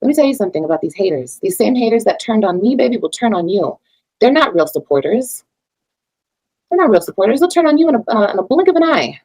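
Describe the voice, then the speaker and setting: A woman's voice: sing-song, racing, hardly any pauses, low-quality recording. A mother on a livestream, ranting about her critics in a heated, profane way and lecturing her viewers. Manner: heated, profane, preachy, swings between loud and low. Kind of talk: casual livestream rant.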